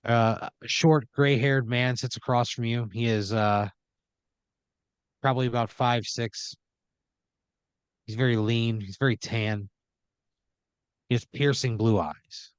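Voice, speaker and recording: A man's voice: mid-range voice, fairly even intonation, takes it slowly, pauses often, smooth, no echo. A man hosting a comedy podcast, narrating an improvised second-person story and peppering it with "you know" and "like". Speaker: podcast host.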